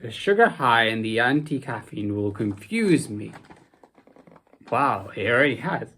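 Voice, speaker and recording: A sleep-deprived young vlogger rambles through a casual chat in an unhurried drawl. The voice stays mid-pitched but swings up and down a lot, sinking into drowsy mumbles and then jumping into sudden animated bursts. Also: a little hiss or hum.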